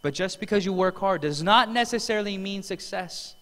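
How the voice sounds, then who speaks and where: A man's voice: high voice, a little fast, fairly bright tone. A man giving an earnest, emotional motivational testimonial as a seminar speaker in a large event hall. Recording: long hall reverb.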